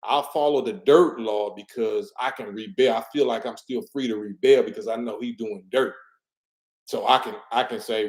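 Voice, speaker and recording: A man's voice: mid-range voice, steady tone, moderate pace. Preachy middle-aged man in a roomy echo. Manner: preachy, emphatic street-talk delivery that repeats words. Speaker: commentator. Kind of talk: casual monologue commentary.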